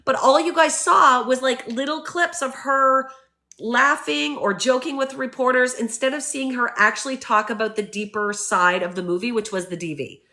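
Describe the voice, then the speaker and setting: A woman vlogger with a high-pitched voice offers opinionated, casual commentary at normal speed. She is animated and emphatic, acting out the people she quotes.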